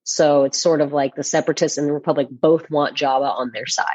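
A woman's voice: deep voice, steady tone, a little fast, a little mellow, breathy edge, dry recording, lo-fi sound. A woman co-hosting a casual movie podcast, rambling through a recap with lots of fillers. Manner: rambling, filler-heavy retelling. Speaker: podcast co-host. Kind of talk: casual chat.

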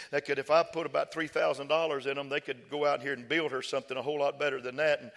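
A man's voice: a little high, fairly bright tone. A man preaching a sermon as a pastor, telling a story in a conversational way and often repeating himself. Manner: conversational storytelling with frequent repetition.

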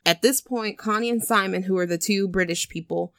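A woman's voice: medium pitch, a little fast, no echo, studio quality. A woman on a casual podcast, animatedly retelling a film scene by scene, swearing and acting out what people said. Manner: animated storytelling with swearing and acted-out quotes. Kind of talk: casual chat.

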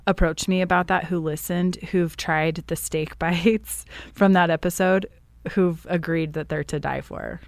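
Woman podcast co-host, slightly low voice, chatty and quick to laugh, dry sound. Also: fairly even intonation, no echo. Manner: chatty, laughs easily, says "like" often. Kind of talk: casual chat.

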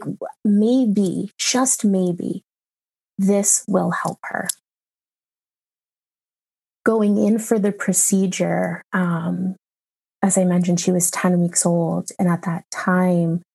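A woman in her thirties, a mother recounting a hard experience in an interview, emotional and halting with many pauses and fillers. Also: on the low side, creaky, dark tone. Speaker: mother telling her story. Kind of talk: personal account in an interview.

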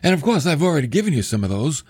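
A man teaching a sermon-style Bible lesson for a podcast, animated, often asking the listener questions and acting out quoted voices. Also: fairly high pitch, very fast, slightly rough, dry recording. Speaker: podcast preacher.

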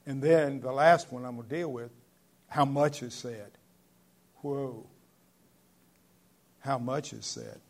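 A man preaches a sermon in a conversational, earnest manner. His voice is mid-pitched with a gravelly edge. Now and then he hits a key word with sudden loud emphasis. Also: slow, long pauses. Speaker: pastor.

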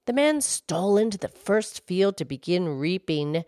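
Slow, expressive woman storyteller. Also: lowish voice, no echo, studio quality. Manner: expressive, measured. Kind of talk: storybook reading.

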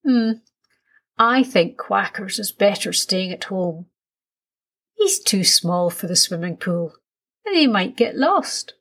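A woman voicing a patient, gently firm father in a storybook reading, calm and reassuring. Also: medium pitch, slow pace, pauses often, husky, full character voice.

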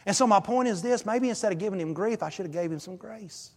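A male pastor delivers a sermon with a high, bright voice. He tells stories in an animated way, pushing his voice up for emphasis. A long reverb from the church hall hangs on every word. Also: fast. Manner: animated storytelling, emphatic rises. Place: church sanctuary.

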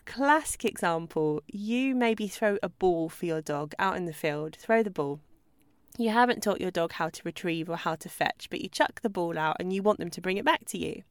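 A woman hosting a solo podcast as a dog trainer, talking in a chatty, lively way and acting out examples. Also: medium pitch, clean tone, no room sound, clean studio sound. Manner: chatty, animated, acts out babbling owner voices.

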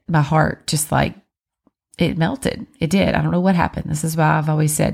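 A woman in her thirties with a low voice tells a story from her own family life. Her tone has a gravelly fry running through it, and she talks in a chatty, animated way, acting out the lines of the people she quotes. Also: a little fast. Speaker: mother of four. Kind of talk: casual personal storytelling.

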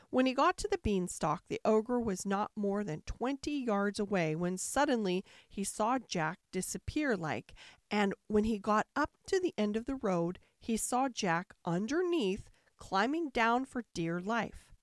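A woman tells a fairy tale in an expressive storybook manner, leaning into the dramatic beats. Her voice sits mid-pitch, and the recording is dry and close. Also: measured pace, no room sound. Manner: expressive storybook narration with rising emphasis.

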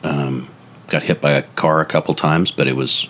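A man's voice: a bass voice, fairly even intonation, normal speed, fairly bright tone. A man who worked as a police officer, telling a story in a matter-of-fact, understated way. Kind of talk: storytelling interview answers.

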